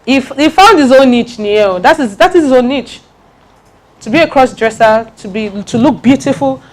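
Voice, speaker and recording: A woman giving a lively branding talk to an audience, repeating her key points with emphasis. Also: sits high, normal speed.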